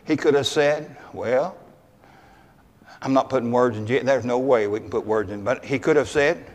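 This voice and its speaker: A man's voice: mid-range voice, moderate pace, in a large hall. A man, a pastor preaching a folksy, conversational sermon, bantering with his congregation. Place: church.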